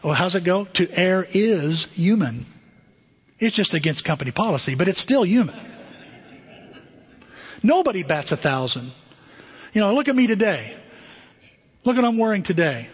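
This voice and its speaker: A middle-aged man preaching a sermon as pastor, animated and conversational, often asking the congregation questions. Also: high voice, normal speed, pauses often, husky. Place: church sanctuary. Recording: dull, muffled sermon recording with long hall reverb.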